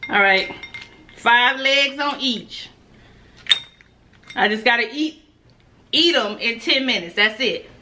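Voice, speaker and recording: A woman's voice: a little high, slow, long pauses, sharp tone, slight background noise. A woman food vlogger, chatting casually and nervously to her viewers, laughing often. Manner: nervous, giggly energy. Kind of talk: casual mukbang vlog.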